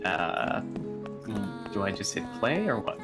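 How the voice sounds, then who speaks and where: A man's voice: on the low side, sing-song, slow, loud music behind the voice. A man chatting casually as a guest player on a live stream, bemused and joking in his reactions. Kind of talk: casual chat while gaming.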